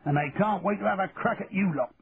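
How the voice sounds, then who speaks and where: A stern drill sergeant major barks his orders in a raised, high-pitched shout, as a male narrator puts him on. The sound is narrow and phone-like, with a faint hiss behind it. He is loud, hard and clipped. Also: quick pace, gravelly. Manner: shouted commands.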